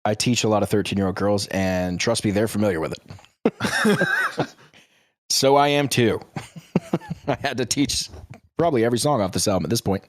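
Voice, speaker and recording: A man's voice: fairly low pitch, moderate pace, pauses often, no room sound, studio quality. A man co-hosting a casual music podcast from home, making wry joking remarks. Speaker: podcast co-host. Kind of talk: casual chat. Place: home room by a window.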